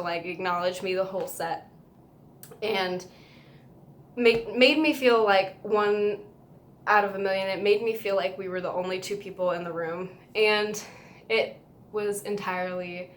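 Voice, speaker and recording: A woman pours out a story in a casual vlog, overwhelmed with joy, gushing and rambling as she goes. Her pitch sits in a middle range, and a faint hum of ambience runs behind her. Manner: gushing and emotional, rambling with many "like" fillers. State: overwhelmed with happiness. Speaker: vlogger telling a fan story.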